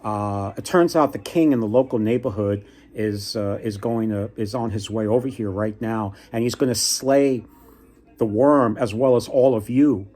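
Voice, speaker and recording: A man's voice: lowish voice, normal speed, a little mellow, natural voice. A man voicing a crafty, helpful male fox in a folktale he is retelling, speaking in a breezy, reassuring way. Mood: scheming, reassuring.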